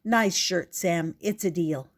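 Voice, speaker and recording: A woman's voice: lowish voice, slow pace. Vain boasting tiger, as a woman reads it. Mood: boastful. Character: boastful hungry male tiger, vain and proud.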